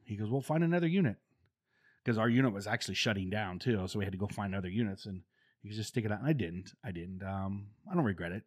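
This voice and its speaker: Animated man telling army stories. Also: on the low side, quick pace, slightly rough. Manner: animated, acts out quoted voices, laughs often. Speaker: Marine veteran telling stories. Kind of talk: casual storytelling.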